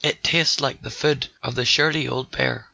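Storybook: male narrator plays a pert, defiant girl, a touch higher, bright tone. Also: fairly even intonation, normal speed, vocal fry, full character voice. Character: bold cheeky young girl intruder.

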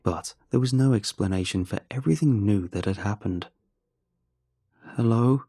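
A man reading a first-person horror story in a measured, steady way. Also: fairly low pitch, slightly rough, dry recording, clean studio sound.

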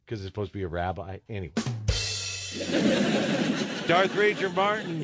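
A male radio host running a live call-in joke segment, jovial and quick to laugh. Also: medium pitch, expressive, heavy background noise. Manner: jovial, laughs easily, repeats the phone number. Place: radio studio. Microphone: studio microphone.

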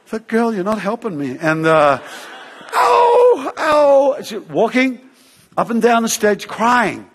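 A preacher with a husky, slightly high voice tells a story from the pulpit. He is animated and acts out the other people in it, with a lot of "uh" and "you know". A long reverb from the hall trails after his words. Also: moderate pace. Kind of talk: sermon storytelling.

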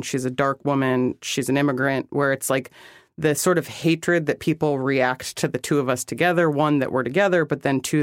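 A podcast guest talking candidly about personal experiences, animated and full of "like" fillers. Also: mid-range voice, no room sound, studio quality. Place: New York City.

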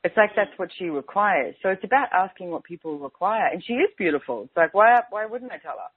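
A woman's voice: medium pitch, animated, fairly quick, breathy edge, no echo. Woman chatting over a tinny phone line. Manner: chatty, keeps saying "and it's like". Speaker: radio show host. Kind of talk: casual on-air talk.

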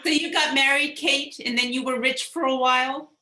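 A woman's voice: high voice, fairly even intonation, normal speed, pushed and bright, roomy sound. A woman hosting a live online show over a video call, bubbly and tripping over her words now and then. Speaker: host.

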